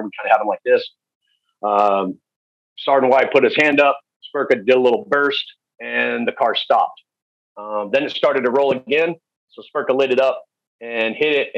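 A man speaking as a podcast guest, telling stories in a candid, halting way with many fillers. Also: medium pitch, no room sound. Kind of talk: storytelling interview. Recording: dull, dry lo-fi recording.

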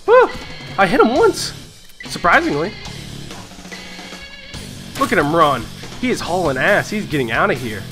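A man hosting a gaming video, giving excitable live commentary on his own play, swearing, laughing and talking to himself. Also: fairly high pitch, measured pace, long pauses, over music.

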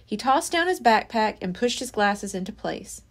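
A woman's voice: medium pitch, animated, moderate pace. A woman library storyteller reading a children's chapter book aloud with expression. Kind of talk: children's read-aloud narration.

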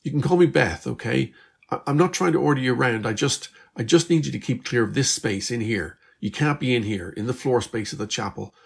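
A man voicing a teenage girl from the future, anxious and stammering, in a husky voice. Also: mid-range voice, a little fast, voice pushed up.

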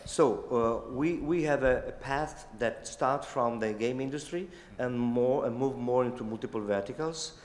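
A man whose first language is Italian, answering judges' questions on stage in a hotel hall, talking haltingly with restarts. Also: mid-range voice. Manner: halting, restarts phrases, many yeahs. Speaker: pitching innovator. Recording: echoey hotel hall with long reverb.

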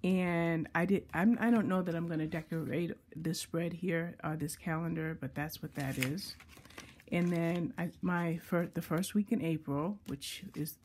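A woman book blogger walks through her planners in a relaxed vlog. Her voice sits low, she reads lists at an unhurried pace and catches her own slips. A faint hiss runs under the recording. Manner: chatty, self-correcting, reads lists slowly. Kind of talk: casual show-and-tell vlog.

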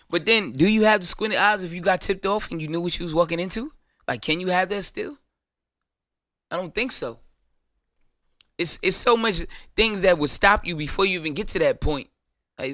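A man's voice: fairly high pitch, fairly quick, pushed and bright, no echo, studio quality. A man, hosting his show in a blunt, profane, joking monologue. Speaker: show host. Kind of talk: casual monologue.

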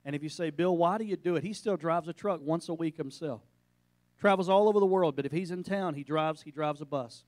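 Male preacher, slightly high-pitched, dry close recording, sermon storytelling with emphatic peaks. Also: fairly quick, a little mellow, no room sound. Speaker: pastor. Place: church sanctuary.

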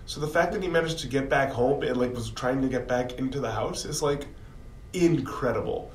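A man in a casual conversation tells relaxed, animated anecdotes. His voice sits in an ordinary middle range. He sounds a little distant from the mic, in a roomy space with a faint hum behind him. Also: medium pitch, a little fast. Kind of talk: casual chat.

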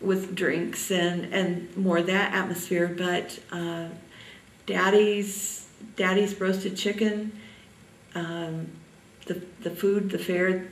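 An older woman from Indiana reminiscing in an oral history interview, halting often with ums. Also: lowish voice, echoey room, distant mic, a little hiss or hum, rough recording.

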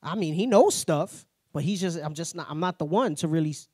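A man teaching a Bible class in a plain-spoken, conversational way, tagging his points with a quick "right?". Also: on the high side, a little mellow, no echo, studio quality. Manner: tags nearly every point with "right?"; plain-spoken, slangy asides.

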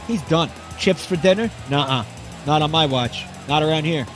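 A man doing excited play-by-play commentary on a wrestling match, rambling and swearing, bursting into yells. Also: fairly high pitch, moderate pace, over music.

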